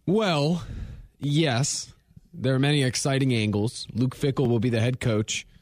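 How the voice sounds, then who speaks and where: A man co-hosting a sports radio show, laying out the facts in a measured, steady way. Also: medium pitch, dry recording, studio quality. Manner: measured, factual explainer. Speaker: radio co-host. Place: radio studio.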